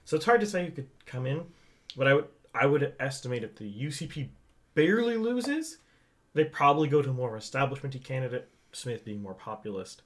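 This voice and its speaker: A fast-talking man with a mid-range voice co-hosts a casual podcast, speculating at length about an election and restarting his sentences often. The political chat is recorded at home, not in a studio, on a mic he shares with his co-host.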